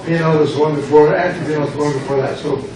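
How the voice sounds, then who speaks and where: With a crowd audible behind him, an older American pastor races along in a high-leaning, steady voice. His Greek class in a church classroom is a drill session: he quizzes students, repeats words and makes playful puns. The mic sits far away in a very reverberant, noisy space.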